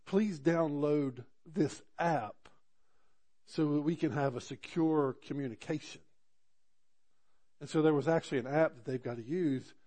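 A man's voice: a little high, a little mellow. A man delivers a sermon as a personal story. His tone is earnest and conversational, and it swells into fervent emphasis on key points. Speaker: pastor.

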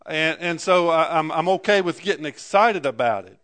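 A preacher delivers a sermon in a somewhat high voice. He stumbles and repeats his words as he goes, and he keeps turning to the congregation with questions like "amen?". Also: normal speed, a bit bright.

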